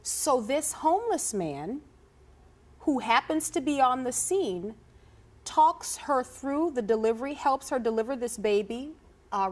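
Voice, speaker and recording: A woman co-hosting a light chat about the week's headlines. She talks in an animated way and laughs easily, and her voice sits a little high. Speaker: co-host.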